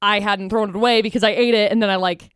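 A woman co-hosting a radio after-show, telling an animated story in casual chat and acting out little voices. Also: mid-range voice, quick pace, clean tone, no echo, studio quality. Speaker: radio co-host.

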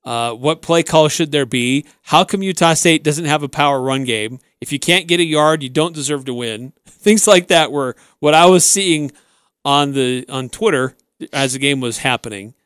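A man hosting a sports talk radio show from a studio, recounting plays in an animated way. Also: fairly high pitch, moderate pace, clean tone, no room sound.

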